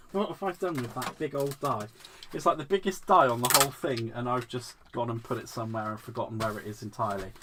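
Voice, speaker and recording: A man's voice: mid-range voice, a little fast, background noise. A man hosting a live crafting demo. He is giggly and playful, mocks himself and answers viewers' comments as he works. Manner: giggly, playful, self-mocking, reacts to chat comments. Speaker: crafting livestream host.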